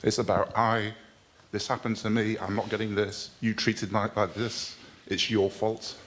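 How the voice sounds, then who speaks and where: A man with a fairly low voice speaks up from the floor at a workshop. He is hesitant and thoughtful, and he restarts his phrases as he works out what he means. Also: little pitch movement, normal speed, a bit bright, slight background noise. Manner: hesitant and thoughtful, restarts while putting ideas into words. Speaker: workshop participant. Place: workshop hall with an audience.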